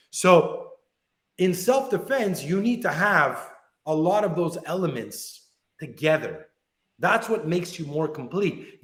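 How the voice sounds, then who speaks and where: A man's voice: a little high, reverberant. A man working as a self-defense instructor, telling stories in an interview and acting out the dialogue in them. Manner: animated, acts out club stories with quoted dialogue. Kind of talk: interview storytelling.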